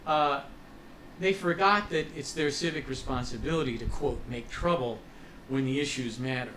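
A man's voice: mid-range voice, moderate pace, a bit bright, slight background noise, rough recording. A man guest on a radio interview, ranting with passion and cynicism about politics. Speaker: musician guest.

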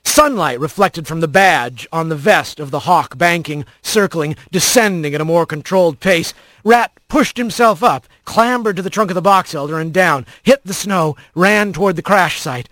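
A man's voice: on the high side, normal speed, few pauses, a bit bright, no echo. A man reading a tense action story aloud as an audiobook narrator, close to the mic.

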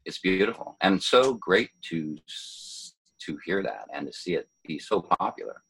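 An older man, a poet, talking in a relaxed interview, thoughtful and hesitant, with many fillers and restarts. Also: sits low, measured pace, slightly rough, rough recording. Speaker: poet, former city poet laureate.

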